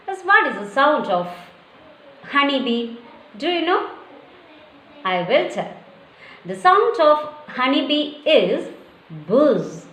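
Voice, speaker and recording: A woman leads a lesson for small children in a very slow, deliberate call-and-response. She spells each word out letter by letter for the class to repeat. Her voice sits high, and the room around her is noticeably echoey. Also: a bit bright. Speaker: teacher.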